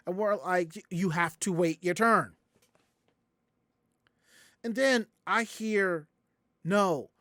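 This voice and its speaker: Animated storytelling man from the South. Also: sits high, dry recording, studio quality. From Southern United States. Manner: animated, acts out quoted voices. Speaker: podcast host. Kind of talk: casual podcast storytelling.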